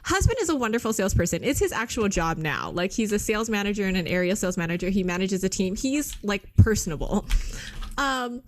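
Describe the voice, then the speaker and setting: Woman, 30s, podcast co-host, animated profane storyteller, middle pitch. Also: quick pace. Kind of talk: casual storytelling chat.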